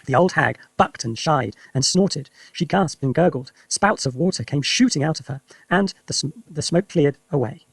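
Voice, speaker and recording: A man reading a children's story aloud for English learners with lively, expressive narration. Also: on the high side, normal speed, gravelly, husky, dry recording. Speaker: reader.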